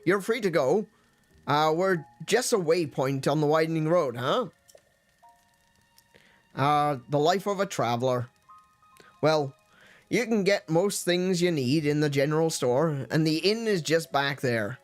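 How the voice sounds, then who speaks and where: A man's voice: fairly high pitch, measured pace, long pauses, close to an everyday voice. A man voicing a wary male village guard in a video game, who demands answers and then apologizes, with faint game music behind. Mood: apologetic.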